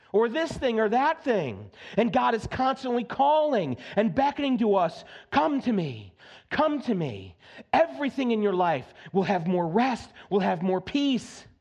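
A man's voice: extremely high pitch, big pitch swings, normal speed. A male pastor preaching a sermon in a conversational, joking way, with frequent asides and repeated phrases for emphasis.

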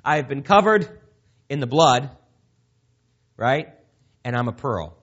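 Male preacher, mid-pitched, talks straight to the congregation, muffled lo-fi recording. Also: lively intonation, takes it slowly, fairly bright tone. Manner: conversational, emphatic, asks the audience questions. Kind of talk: sermon. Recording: dull lo-fi recording.

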